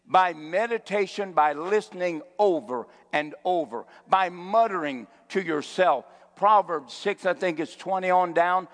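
A man preaching a sermon as a pastor, building to shouted peaks. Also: sits high, big-room sound. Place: church.

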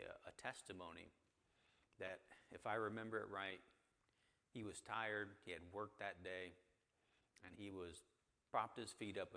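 A man's voice: sits low, vocal fry, sharp tone, long reverb tail. A man leading an interactive Bible class, talking conversationally and asking the group questions. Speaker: church teacher. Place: church hall with a group.

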